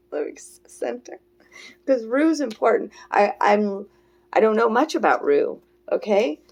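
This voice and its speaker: A woman's voice: fairly high pitch, expressive, slow. Earnest, meandering woman reading oracle cards. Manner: meandering and earnest, full of "you know" and "okay?". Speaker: oracle card reader. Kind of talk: spiritual oracle reading to camera.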